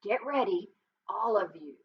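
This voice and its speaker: A woman voicing a steady, firm male badger who leads his friends with calm, brief commands in a storybook reading. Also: mid-range voice, measured pace, vocal fry, husky, exaggerated voice. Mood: commanding. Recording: dull lo-fi with faint hiss.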